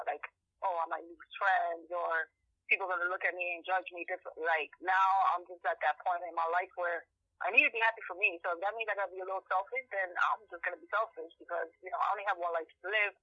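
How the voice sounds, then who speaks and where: A man talking casually as a podcast guest, halting and full of fillers and restarts, heard over a phone call. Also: high voice, fairly even intonation, breathy edge, no echo. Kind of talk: casual chat.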